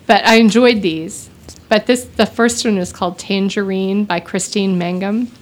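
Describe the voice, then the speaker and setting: A woman's voice: medium pitch, steady tone, moderate pace. A woman from Texas with a light Texan drawl, chatting casually on a podcast and laughing often. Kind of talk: casual chat.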